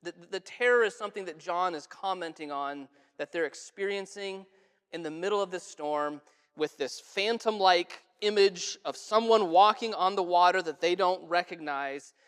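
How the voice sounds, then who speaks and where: Earnest high-voiced preacher in a reverberant church. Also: male voice, normal speed, smooth. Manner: earnest, conversational preaching with soft, hushed quotes. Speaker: pastor. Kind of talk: sermon. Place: church sanctuary. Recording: church sanctuary with long reverb.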